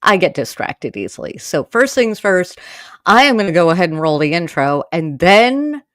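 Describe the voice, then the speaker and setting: A woman's voice: fairly low pitch, big pitch swings, moderate pace, no room sound. A woman from Maine hosting a casual solo podcast, chatting and rambling straight to her listeners and getting heated as she rants. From Maine, USA. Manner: gets heated and exasperated when ranting. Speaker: podcast host.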